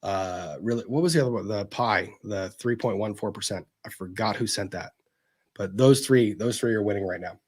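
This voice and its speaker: Guy streaming, reading chat out loud, kinda husky, lowish voice, easygoing and gentle. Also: normal speed. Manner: chatty, gentle, with many fillers and restarts. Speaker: livestream host reading viewer messages. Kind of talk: casual livestream chat.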